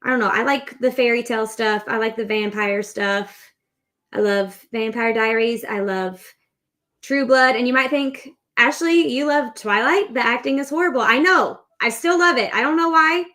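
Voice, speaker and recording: A woman's voice: a little high, moderate pace, pushed and bright. A woman in her thirties hosting a crochet livestream, chatting in a rambling, upbeat way while she works. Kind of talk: casual chat while crocheting.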